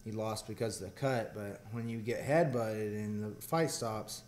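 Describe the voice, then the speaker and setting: A young man with a Southern US accent, chatting as an interview guest in a relaxed, rambling way. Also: fairly low pitch, moderate pace, a little hiss or hum. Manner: laid-back, rambling with fillers. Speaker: guest fighter. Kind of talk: casual interview chat.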